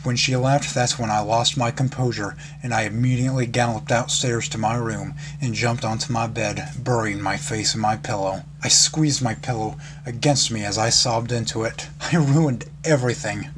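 A man's voice: medium pitch, steady tone, normal speed, hardly any pauses. Man casually reading a story aloud. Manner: casual reading with slips and laughs. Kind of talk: reading fan fiction aloud. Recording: background noise.

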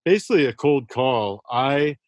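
A man's voice: medium pitch, lively intonation, normal speed, darkish tone, no echo, dull audio. A man speaking as a guest author in a casual podcast interview, earnest and effusive, often restarting his sentences.

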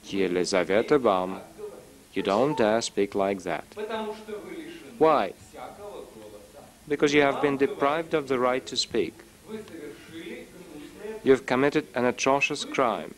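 A man reading a translated voice-over of a live stage play, switching quickly between the characters' lines. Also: medium pitch, a crowd in the background. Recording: voice-over on a live theatre recording with a loud audience.

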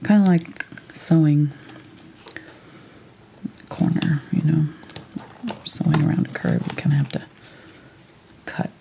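A woman teaching a live painting tutorial step by step, thinking aloud as she works in a relaxed, chatty way. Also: deep voice, normal speed, creaky, long pauses, slight background noise. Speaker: painting instructor.

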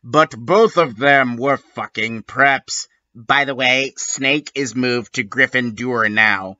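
A sardonic man reads a bad story aloud, slowly and deadpan, and stops for dry asides. His tone is sharp and forceful. The recording is muffled and lo-fi. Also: mid-range voice. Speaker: comedic reader. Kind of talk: comedic dramatic reading with asides.

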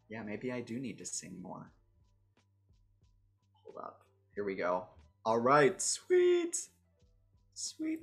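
Slow-talking man chatting on a livestream. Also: medium pitch, a bit bright. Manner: chatty, thinks aloud, jokey and self-mocking. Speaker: host demonstrating a character builder. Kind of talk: casual livestream commentary.

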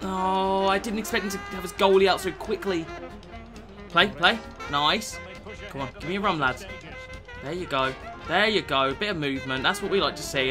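A man giving lively, excitable gameplay commentary, swearing freely and calling his viewers lads. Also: sits high, moderate pace, music in the background. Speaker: gaming YouTuber.

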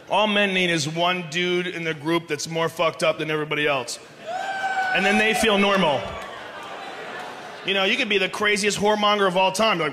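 A man's voice: high-pitched, moderate pace. A man doing a profane, ranting live stand-up set on a theater stage with a handheld mic. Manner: loud, ranting, profane delivery. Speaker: stand-up comedian. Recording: echoey live theater with crowd noise.

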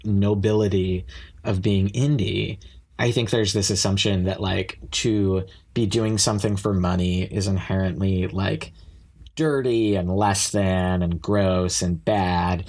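Podcast guy, kinda low voice, super sarcastic. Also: a little mellow. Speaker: podcast co-host. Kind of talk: casual podcast chat.

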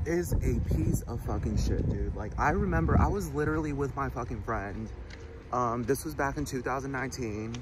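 A man in an angry, profane rant, rambling and restarting his sentences as he records outdoors. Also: medium pitch. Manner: ranting, heavy swearing, rambling restarts. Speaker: vlogger. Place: outdoors by a road with traffic. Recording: noisy outdoor traffic recording. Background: passing vehicles.

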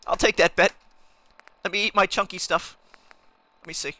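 A man's voice: high-pitched, fairly even intonation, normal speed, sharp tone. A young man streaming a game in character, talking in a manic, rambling, self-mocking way. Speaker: gaming streamer. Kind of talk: in-character let's play commentary.

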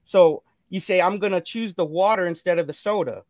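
A man's voice: sits high, fairly quick, a little mellow, no echo, studio quality. A man talking earnestly on a live stream, preaching self-love and good decisions in a repetitive, motivational way. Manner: earnest, preachy, repeats phrases. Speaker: guest. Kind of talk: motivational casual chat.

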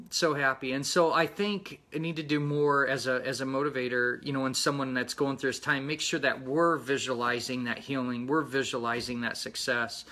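A man hosting a casual personal vlog, talking earnestly in a rambling, halting way with many fillers. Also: mid-range voice, pushed and bright. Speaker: motorcycle channel host.

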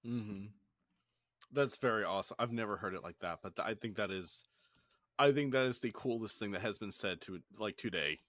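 A man's voice: fairly low pitch, normal speed, a bit bright, no room sound, clean studio sound. A man hosting a podcast, enthusiastic and rambling, swearing casually. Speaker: podcast host.

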